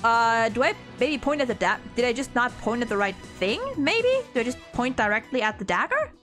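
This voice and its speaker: A German woman streams a courtroom game, her voice sitting a little high as she thinks aloud. She stumbles and restarts, then bursts out when an idea strikes. Soft game music plays behind her. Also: fairly quick. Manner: thinks aloud, excitable, stumbles over words. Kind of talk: let's-play commentary.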